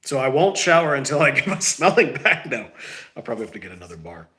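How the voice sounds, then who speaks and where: Very animated and forceful, a man with a bright, mid-range voice races through his solo podcast. Stuffy and ill with no sense of smell, he rambles loosely, keeps correcting himself, and uses "y'all."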